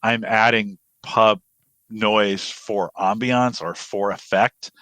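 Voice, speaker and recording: A man co-hosting a podcast who reads listener comments aloud and agrees warmly with his partner. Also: fairly low pitch, steady tone, slow pace, no echo. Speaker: podcast co-host. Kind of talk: casual podcast chat.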